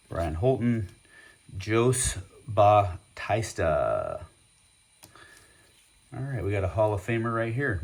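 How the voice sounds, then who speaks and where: A man hosting a casual vlog, chatting and rambling with many fillers as he opens packs of cards. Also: low voice. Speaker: host. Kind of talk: casual card-opening vlog.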